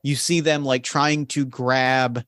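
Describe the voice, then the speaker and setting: A man narrating a tabletop game as game master, in a halting way, often restarting his sentences. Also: medium pitch, level tone, a bit bright, clear, resonant tone, dry recording, clean studio sound. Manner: halting, full of restarts and fillers.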